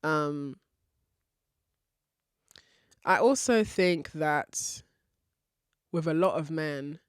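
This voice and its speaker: A woman's voice: sits low, drawn-out words, clean tone, no echo, studio quality. A woman hosting a podcast, giving frank relationship advice in a candid style, swearing casually and laughing often. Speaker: podcast host.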